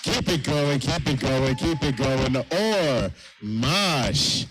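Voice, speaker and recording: A man's voice: medium pitch, lively intonation. Upbeat man emceeing a comedy night. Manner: upbeat, hurried, repeats phrases. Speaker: comedy show host. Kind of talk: live emcee announcements.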